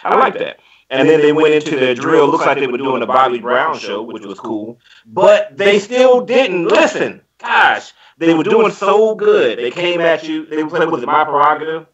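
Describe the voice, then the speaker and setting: Male podcast panelist, animated, voice sitting a bit high, dull lo-fi recording. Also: moderate pace. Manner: animated, breaks into snatches of song when describing a show. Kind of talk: casual podcast chat.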